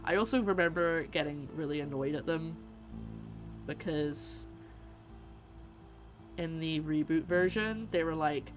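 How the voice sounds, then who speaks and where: Brief: Scottish woman gamer, low voice, rambling chat over faint music. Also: brisk. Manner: rambling, animated storytelling. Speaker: streamer. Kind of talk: casual chat while gaming.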